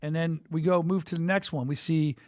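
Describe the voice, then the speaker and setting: A man hosting a sports podcast in a studio, talking quickly and enthusiastically with many restarts. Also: a little high, fairly even intonation, no room sound. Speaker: podcast host. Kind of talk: casual podcast chat.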